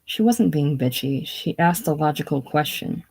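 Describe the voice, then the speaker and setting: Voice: mid-range voice, animated, moderate pace, creaky, darkish tone, husky. A reader doing a blunt, teasing man. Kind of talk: casual solo play reading.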